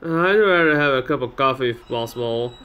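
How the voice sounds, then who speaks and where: A man's voice: mid-range voice, animated, fairly quick, a bit bright, slight background noise, close to an everyday voice. A man voicing a reluctant young debt collector in a stiff, formal, apologetic way.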